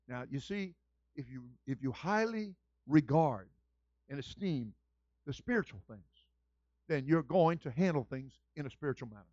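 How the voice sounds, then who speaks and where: Male pastor, storytelling sermon, rises to shouting; fairly high voice, dull dry sound. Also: a little fast, no echo. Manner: folksy storytelling, builds to loud shouting fervor. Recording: muffled lo-fi dry recording.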